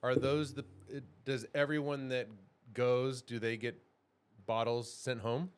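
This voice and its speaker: A man co-hosting a podcast in a casual chat. He chimes in with quick, friendly reactions and questions for his guest. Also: mid-range voice, level tone, clear, resonant tone. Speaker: podcast co-host.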